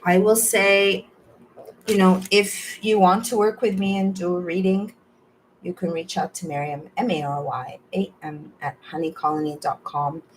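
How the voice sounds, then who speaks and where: A woman's voice: low-pitched, a little hiss or hum, poor audio. A woman host chatting in a rambling, casual way at the end of a livestream, with a spiritual bent. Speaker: host and journalist.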